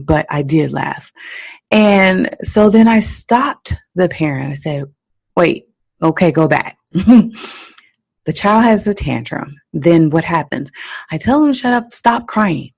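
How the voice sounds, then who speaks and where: A woman hosting a parenting podcast, giving advice in an animated, teacherly way and laughing at her own stories. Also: on the low side, vocal fry, slightly rough. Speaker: parenting coach and podcast host. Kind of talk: solo podcast advice talk.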